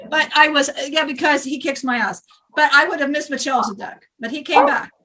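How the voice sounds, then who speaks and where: A woman's voice: high-pitched, a little fast, distant mic, very noisy, natural voice. A woman channeling a rowdy, joking male spirit who talks in a boisterous, rambling way.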